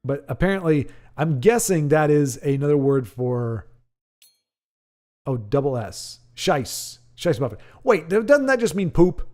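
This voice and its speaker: A man's voice: a little high, very animated, unhurried, a little mellow. A man hosting a live stream in a rambling, chatty way, reading viewer chat aloud and laughing often. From United States. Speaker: stream host.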